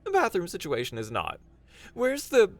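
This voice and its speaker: A man voicing a flustered, panicky young man who babbles nervously and squeaks when desperate. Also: wildly swooping pitch, moderate pace, full character voice. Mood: pleading.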